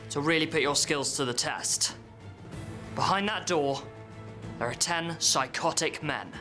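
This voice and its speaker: A child actor playing a brisk, deadpan trainer who instructs a class in a sketch comedy. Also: medium pitch, close to an everyday voice. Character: stern adult customer-service course trainer.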